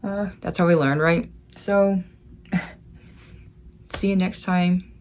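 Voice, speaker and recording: A woman's voice: lowish voice, steady tone, slow, a little mellow. A woman hosting a casual crafting vlog, chatty and rambling, with plenty of fillers as she talks. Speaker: crafting channel host.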